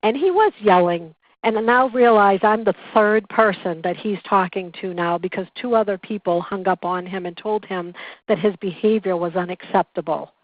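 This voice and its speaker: Calm woman teaching over a tinny line. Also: mid-range voice, moderate pace, dry recording. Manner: calm, earnest, instructive storytelling. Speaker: patient relations coordinator teaching a class. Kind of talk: webinar presentation. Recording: tinny phone-like dry recording.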